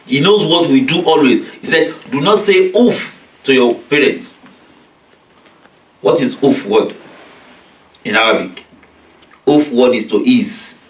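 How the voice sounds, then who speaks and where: Male religious teacher, weekly lesson, explains Arabic verses in plain English, acts out the quotes, echoey community hall, far from the mic. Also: medium pitch. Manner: recites verses in Arabic and explains them in simple, repetitive English; acts out quoted voices of children and parents. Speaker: religious teacher leading a weekly study circle. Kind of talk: religious lecture.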